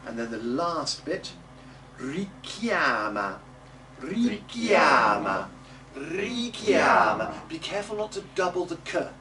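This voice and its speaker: A man teaching a music class, coaching the group and modelling words slowly and loudly for them to repeat. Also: a little high, lively intonation, over a noisy crowd. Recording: distant mic with noisy room ambience.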